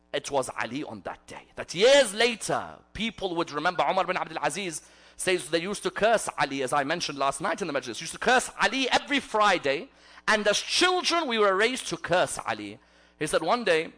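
A man giving a religious sermon in a gathering hall, telling stories dramatically and swinging between loud declarations and hushed asides. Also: high-pitched. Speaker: preacher.

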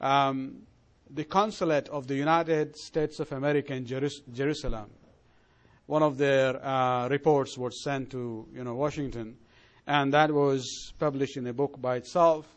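A middle-aged man lecturing an audience on history in a measured way, often pausing on fillers and correcting himself mid-word. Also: mid-range voice, steady tone. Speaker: religious lecturer.

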